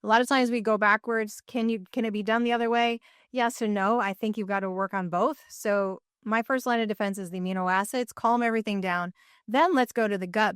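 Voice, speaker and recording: Middle-aged woman, podcast guest, smooth and resonant, dry close sound, eager explainer. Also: medium pitch, dry recording. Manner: enthusiastic, explains in quick lists. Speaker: guest, nutrition therapy practitioner. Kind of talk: podcast interview.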